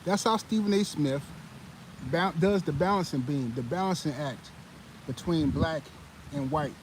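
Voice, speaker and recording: A man hosting a live sports commentary stream, talking in a heated, animated way with many fillers and restarts. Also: on the high side, measured pace, a little hiss or hum, poor audio. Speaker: sports commentary channel host.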